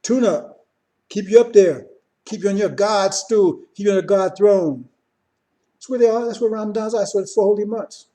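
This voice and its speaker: A man teaching religion in a loose, informal sermon, circling back over the same points and checking in with "see?" again and again. His voice sits a little high for a man yet sounds dark and mellow. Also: moderate pace. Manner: repetitive, keeps asking "see?", restarts often.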